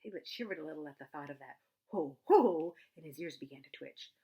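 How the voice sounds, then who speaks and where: A woman storyteller reading a children's book aloud in an expressive, animated way. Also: deep voice, racing, husky.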